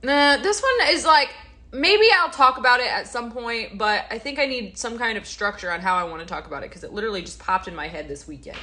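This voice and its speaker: A woman's voice: fairly high pitch, a little fast, sharp tone. A woman, sounding a little stuffy, chatting casually on a livestream and answering viewers as she goes. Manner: chatty, rambling, reads viewer comments aloud. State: stuffy-nosed, yawning. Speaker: livestream host.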